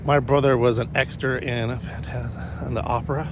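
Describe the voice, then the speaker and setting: A man's voice: medium pitch, level tone, moderate pace, noisy background. A man vlogging casually on a morning walk with his dog, telling a rambling personal story with restarts and swearing.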